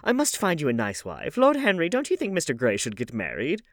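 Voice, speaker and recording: A man reading an audiobook, voicing an elderly aristocratic hostess in a high, emphatic falsetto. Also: wildly swooping pitch, brisk, no echo, studio quality. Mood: scandalized gossip. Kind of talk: audiobook character voice.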